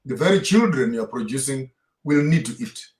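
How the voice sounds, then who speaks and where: A man's voice: medium pitch, expressive, brisk, a little mellow. A man giving impassioned, preacher-like answers in an interview, heavy on rhetorical questions. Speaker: guest speaker. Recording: roomy echo.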